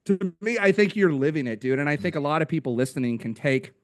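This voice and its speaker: A young American man, a podcast guest, telling stories in a slangy, energetic, casual way. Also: a little high, quick pace, no room sound, clean studio sound. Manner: energetic, slangy storyteller, says "dude" a lot. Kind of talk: casual interview chat.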